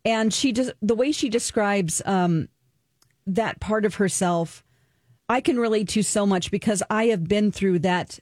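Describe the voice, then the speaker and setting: A woman co-hosting a talk radio show speaks at a medium pitch with an earnest, open manner. She sounds emotional and personal as she talks through her own experiences. Her voice is recorded close on a studio mic with a dry sound and no room echo. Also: measured pace, a little mellow. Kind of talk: casual talk-radio chat, reviewing a documentary.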